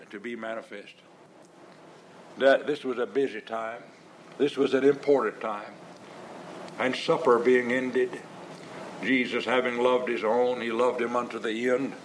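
A man preaching a sermon, leaning on repeated refrains, with halting restarts and drawn-out stresses on key words. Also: medium pitch, slight background noise, poor audio.

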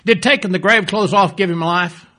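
High, bright-voiced emphatic male preacher. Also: moderate pace. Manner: emphatic, repeats key phrases, rises on quotes and drops low to close. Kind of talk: sermon.

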